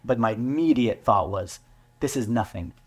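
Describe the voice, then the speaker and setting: A man, a business owner, telling his story in an interview, earnest and halting with many fillers and restarts. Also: medium pitch, animated. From United States. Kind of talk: candid interview talk.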